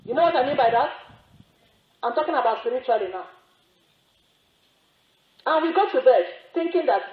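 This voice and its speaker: A religious sister giving a sermon, telling a story with repetition and emphatic rising exclamations. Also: female voice, a little high. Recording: echoey, phone-like narrow sound.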